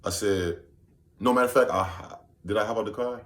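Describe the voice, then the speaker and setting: A man's voice: on the low side, brisk. A man from Virginia telling a story casually to camera, loose and rambling, often saying "you know what I'm saying". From Virginia, USA. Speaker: vlogger. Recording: echoey room.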